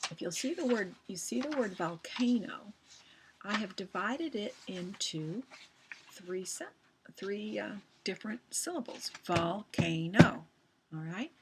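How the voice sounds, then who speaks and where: A woman's voice: mid-range voice, animated, unhurried, noisy background. A woman teaching a recorded lesson, patient and chatty, often repeating herself and restarting sentences as she explains.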